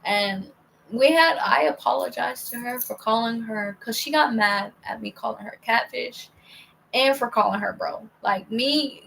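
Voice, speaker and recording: A young woman telling a rambling personal story in a casual monologue, full of "like" and "bro" and often dropping to a hushed near-whisper. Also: fairly high pitch, vocal fry, slight background noise, rough recording. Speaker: vlogger.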